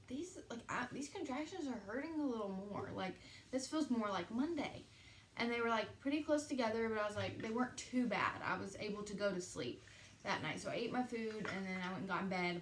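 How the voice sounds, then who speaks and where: A young woman vlogger telling a personal story casually, chatty and animated, acting out quoted conversations with lots of "like". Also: medium pitch, echoey room, slight background noise.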